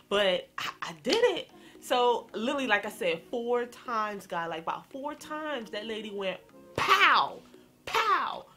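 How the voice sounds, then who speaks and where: Brief: young woman vlogger, slangy and animated, talks to viewers directly, bright voice. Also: fairly high pitch, normal speed, soft background music. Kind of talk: storytime vlog.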